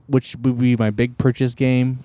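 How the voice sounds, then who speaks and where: Excitable, profane man on a dry mic. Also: mid-range voice, normal speed, no room sound. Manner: rambling, profane, excitable, lots of fillers. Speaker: podcast host. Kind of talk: casual podcast chat.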